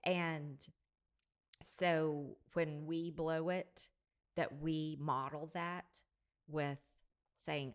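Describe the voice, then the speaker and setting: An older woman hosting a parenting podcast, giving measured, thoughtful advice in a casual discussion. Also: low-pitched, steady tone, smooth. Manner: measured, thoughtful, drops softer when quoting parent-child talk.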